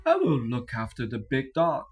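A woman reading aloud, voicing an eager little girl in a storybook, with a high, excited, pleading delivery. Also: moderate pace, recorded from a distance, soft background music, heavily acted.

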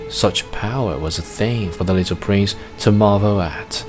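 A man narrates a storybook in a low voice. He reads slowly and carefully. Faint music plays underneath. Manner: slow, careful reading. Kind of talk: storybook reading.

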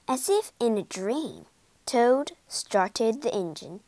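Slow, lively woman storyteller. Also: fairly high pitch, no room sound. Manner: slow, lively expressive reading. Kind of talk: scripted storybook narration.

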